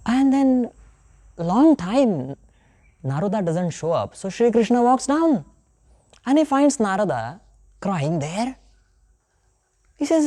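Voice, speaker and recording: Animated Indian woman teaching scripture. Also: medium pitch, slow, pauses often. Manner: animated storytelling, acting out the characters' voices. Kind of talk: storytelling spiritual lecture.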